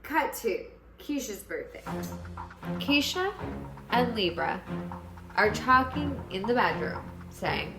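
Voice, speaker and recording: A woman's voice: a little high, big pitch swings, slow pace, pauses often, music in the background. Woman host, gossipy comic storyteller, echoey room. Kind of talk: comic drunk-history retelling.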